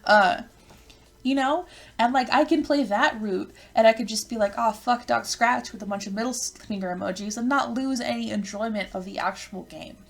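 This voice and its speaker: A woman's voice: a little high, moderate pace, vocal fry. A woman hosting a let's play of a visual novel, reading the game text aloud and breaking off into rambling, self-interrupting rants.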